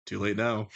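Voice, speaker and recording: A male streamer chatting live. He is excitable and teasing, with quick, stammered restarts and frequent laughs. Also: on the low side, gravelly, lo-fi sound. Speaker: streamer host.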